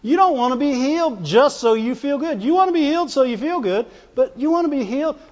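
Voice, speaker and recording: A man with a very high, expressive voice preaches a fervent sermon at a brisk pace, repeating phrases and calling out to his congregation in call-and-response style. The recording is dull and lo-fi with a long hall reverb.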